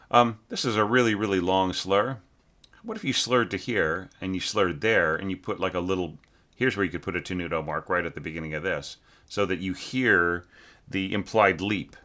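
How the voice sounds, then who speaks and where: Deep-voiced and bright, with a forceful edge, an orchestration teacher gives an informal critique of a score. He pauses and fills often, singing lines aloud to make his points.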